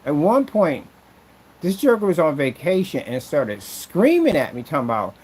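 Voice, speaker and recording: His voice is a little high, sing-song and fairly quick, with a darkish, slightly rough tone. The man, who makes and sells projection screens, rambles and repeats himself in an aggrieved casual vlog rant, captured on a rough recording.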